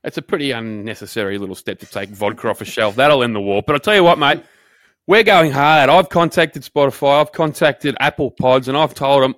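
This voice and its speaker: A man's voice: medium pitch, expressive, a little fast, a bit bright, dry recording. Aussie guy ranting on his podcast, sweary, says mate nonstop, dry close sound. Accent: Australian. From Australia. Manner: profane, fired-up ranting with constant "mate". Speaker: podcast co-host. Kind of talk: casual comedic podcast rant.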